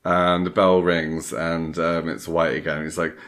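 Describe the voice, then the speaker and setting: A man's voice: sits low, level tone, measured pace, fairly bright tone. A man in casual chat, retelling a film plot in a rambling way, full of fillers and little acted-out quotes. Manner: acts out lines of the film.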